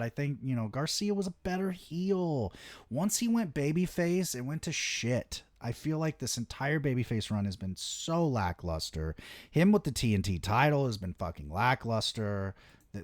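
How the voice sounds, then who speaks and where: A young man hosting a wrestling show, ranting excitedly in casual solo commentary with lots of swearing. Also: medium pitch, no room sound, studio quality. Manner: excitable, heavy swearing, animated rants.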